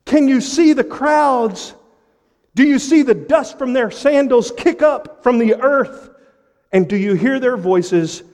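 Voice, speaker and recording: Male pastor, high tenor, impassioned sermon delivery, long church reverb. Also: lively intonation. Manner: impassioned preaching with dramatic pauses and sudden drops to a hush.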